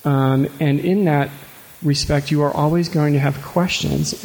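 Host, male, gravelly, fairly high voice, faint hiss on the line. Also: unhurried, a little mellow, poor audio. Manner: thoughtful, with restarts. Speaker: reading series host. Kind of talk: introducing a reader.

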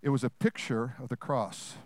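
A man preaching a sermon to a congregation, asking them questions and swinging between loud, fast bursts and hushed, slow lines. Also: mid-range voice, steady tone, no echo.

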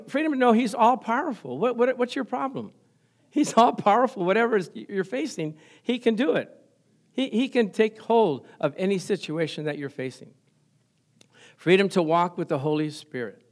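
High-voiced excited man preaching. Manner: excited, laughing often, asks the congregation questions. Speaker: pastor. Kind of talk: sermon.

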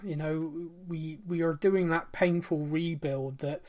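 Brief: male podcast host, slightly high pitch, chatty, stumbles and restarts, goes off on tangents. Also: fairly even intonation, measured pace, darkish tone. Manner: rambling, self-interrupting, fond of mimicking accents. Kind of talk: casual chat.

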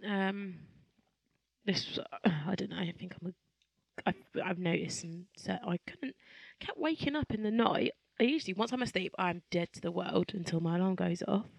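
Gravelly-voiced woman telling her week. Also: medium pitch, lively intonation, moderate pace, no echo. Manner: matter-of-fact storytelling, hesitant fillers. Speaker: podcast co-host. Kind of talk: casual chat.

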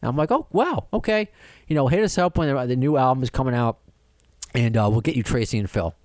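A middle-aged podcast host tells a rambling story in casual chat, talking fast in a mid-range voice. He's animated, full of restarts and acted-out quotes. The sound is clean studio audio with no echo.

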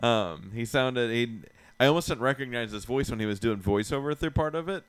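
A man's voice: medium pitch, smooth, no room sound. Joking young man chatting on a handheld mic. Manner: joking, crude, quick to laugh. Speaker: podcast host. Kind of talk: casual chat.

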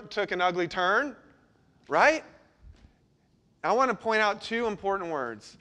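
A man pastor preaching a sermon, swinging between lively emphasis and quiet, intense passages. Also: high voice, normal speed. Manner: dynamic delivery, sudden drops to quiet intensity.

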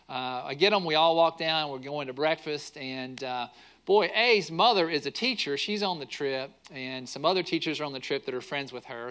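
A middle-aged man preaching a sermon, telling a story with animated quoted voices. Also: fairly high pitch. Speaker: pastor.

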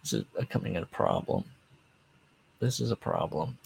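Gravelly, husky, and a little mellow, this man's low voice swoops wildly in pitch as he talks at normal speed. He hosts a casual solo podcast, rambling between asides, trailing off and restarting, and chuckling at himself.

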